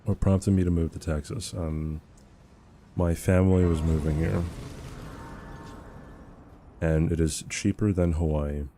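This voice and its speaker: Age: unknown. Sex: man. Style: casual stream chat. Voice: deep, mellow. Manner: laid-back, slangy. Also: fairly even intonation, measured pace, long pauses, a little hiss or hum. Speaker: livestreamer answering chat. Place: home streaming setup.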